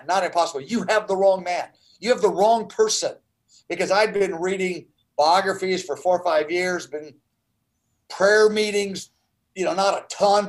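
A man's voice: high-pitched, low-quality recording. A man in his sixties telling a personal story as an interview guest, earnest and full of restarts. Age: 60s.

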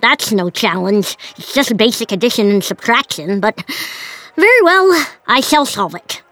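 A prim, know-it-all young genius hosting her own call-in show. Her high voice is lively and full of swings. She speaks in precise, formal phrasing. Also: unhurried, no room sound. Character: young genius girl podcast host. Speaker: podcast host.

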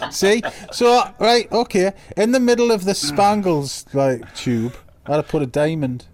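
A man co-hosting a studio chat, needling his colleagues with blunt jokes. His voice sits a touch high for a man. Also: animated, a little slow. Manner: teasing, blunt, jokey. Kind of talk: casual studio banter.

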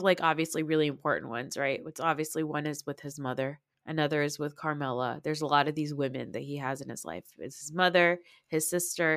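A woman hosting a podcast in casual chat, animated, laughing often and acting out scenes as she talks. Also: deep voice, no echo, studio quality. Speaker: podcast host.

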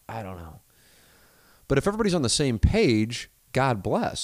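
A man's voice: lowish voice, very animated, moderate pace, a little mellow, dry recording, studio quality. A man hosting a podcast, rambling profanely through a listener email, full of restarts and asides. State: married. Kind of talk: casual rambling monologue.

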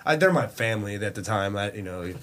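A man's voice: fairly low pitch, animated, brisk, a bit bright. A man from Dallas, a drummer, talking casually about his bands on a podcast, laughing often and quoting his friends. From Dallas, Texas. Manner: laid-back, laughs often, quotes friends. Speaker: drummer and band member.

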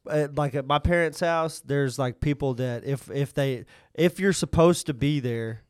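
Smooth-voiced man rambling casually. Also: fairly high pitch, measured pace, dry recording, studio quality. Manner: rambling, many "like" fillers. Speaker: podcast co-host. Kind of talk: casual chat.

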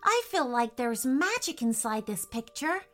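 A woman voicing an excited, eager little girl in a children's storybook, with squealing, breathless delight. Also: a little high, measured pace, soft background music.

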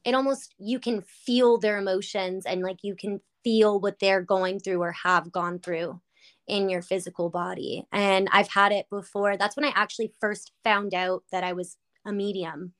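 A woman podcast host in casual chat, telling stories animatedly with lots of fillers. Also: medium pitch. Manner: animated storytelling with many fillers.

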